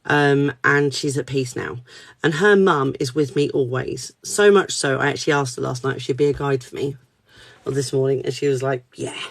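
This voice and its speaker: A woman's voice: very deep voice, steady tone, moderate pace, creaky, no room sound. A woman, speaking as a spiritual card reader at her desk, reassuring and candid, swearing casually. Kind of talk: live spiritual reading chat.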